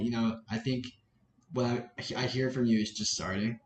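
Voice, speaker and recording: A man's voice: mid-range voice, fairly even intonation, moderate pace. A man hosting a podcast, talking in an earnest, thoughtful way. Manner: earnest, thoughtful, with many affirming yeahs. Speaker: podcast host. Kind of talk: casual interview chat. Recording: echoey room with faint background noise.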